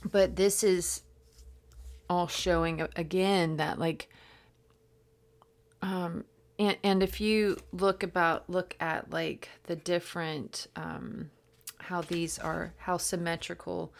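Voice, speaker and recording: Low-voiced woman chatting about tarot. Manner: chatty and meandering, with many fillers and restarts. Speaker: tarot teacher. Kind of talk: casual tarot study, reading aloud from a book.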